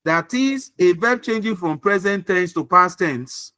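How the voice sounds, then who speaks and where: A man's voice: sits high, lively intonation, unhurried, pushed and bright, clear, resonant tone, dry recording. A man teaching an online English grammar class on a video call, repeating points and asking if students follow. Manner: repeats points and checks understanding often. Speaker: English tutor.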